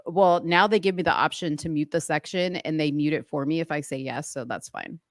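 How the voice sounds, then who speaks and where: Brief: woman co-host, lowish voice, giggly and animated, close dry sound. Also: a little fast, no room sound. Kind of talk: casual live-stream chat.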